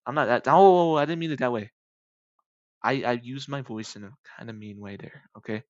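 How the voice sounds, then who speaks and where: A man's voice: mid-range voice, fairly quick, dry recording, lo-fi sound. A young man in his late teens rambling casually over gameplay, joking and correcting himself as he goes. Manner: jokey, rambling, self-correcting asides. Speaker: gaming video maker.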